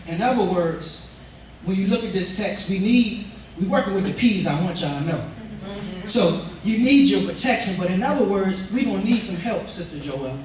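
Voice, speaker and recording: Preaching pastor in an echoey church. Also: male voice, high voice, slight background noise. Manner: animated preaching with call-and-response to the congregation. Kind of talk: sermon. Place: church sanctuary. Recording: echoey church from far off, congregation audible.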